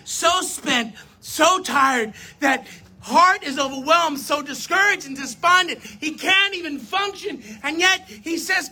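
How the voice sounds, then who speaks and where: High, bright-voiced emphatic preacher. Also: slow. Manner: emphatic, swings between loud and soft; addresses the audience directly, self-correcting. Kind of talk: sermon.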